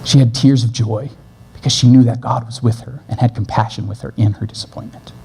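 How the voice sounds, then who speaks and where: A man preaching a sermon as pastor, earnest, moving between brisk stretches and slow, gentle passages. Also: mid-range voice, steady tone, creaky, a little hiss or hum. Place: church.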